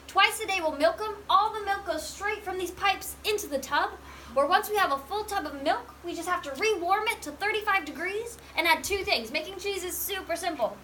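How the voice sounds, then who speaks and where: Woman tour guide on a dairy farm, high and bright, chatty and full of questions for the group. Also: expressive, fairly quick, a little hiss or hum. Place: working cheese farm dairy.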